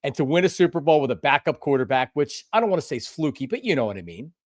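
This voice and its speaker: An older man hosting a live sports talk stream, passionate and emphatic, repeating himself and at times breaking into shouts. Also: medium pitch, big pitch swings, fast, dry recording, studio quality. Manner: bursts into shouting. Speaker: sports show host.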